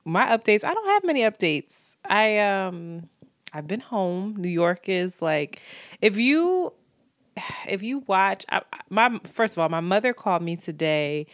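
A woman with a low-pitched voice co-hosts a podcast from home. She talks casually, animated and candid, swearing freely. Her voice is recorded dry and close. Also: no room sound. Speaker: podcast co-host. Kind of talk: casual chat.

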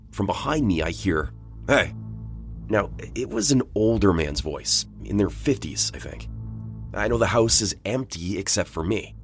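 Male narrator, very low register; casual, conversational first-person horror read over faint music. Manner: casual, conversational storytelling with blunt profanity. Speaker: voice actor narrating a listener's story.

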